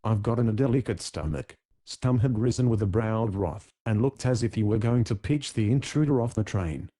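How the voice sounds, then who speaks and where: A man narrating a classic adventure audiobook in a measured, even storytelling manner. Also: lowish voice. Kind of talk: scripted narration.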